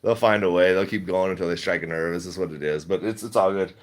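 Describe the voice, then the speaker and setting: A man's voice: low-pitched, fast talker. A middle-aged man chatting casually on a livestream, reading chat, rambling and laughing often.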